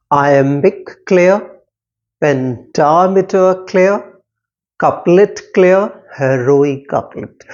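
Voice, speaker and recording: Slow, repetitive male teacher. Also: a little high, a little mellow. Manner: slow, repetitive, stressing syllables aloud. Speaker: English literature teacher. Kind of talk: poetry lesson explanation. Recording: dull lo-fi sound.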